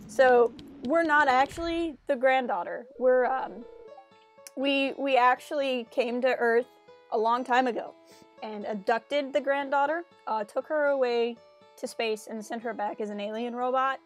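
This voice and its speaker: A giggly, chatty woman streaming a farming game and talking to her viewers, with a slightly high voice. She pokes fun at herself, and quiet game music runs behind her. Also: a little slow. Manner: giggly, chatty, self-mocking. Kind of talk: casual live-stream chat.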